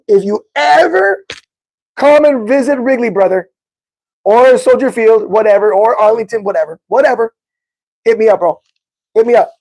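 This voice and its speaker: Excitable man chatting with live viewers. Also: sits high. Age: adult with a son. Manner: excitable, talks to chat viewers by name, says bro a lot. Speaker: podcast host. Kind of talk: casual live-stream chat.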